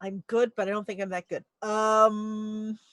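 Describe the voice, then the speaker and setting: A woman's voice: mid-range voice, little pitch movement, measured pace, fairly bright tone, no room sound. A woman playing a tabletop game, describing her moves in a hesitant, casual way. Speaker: player.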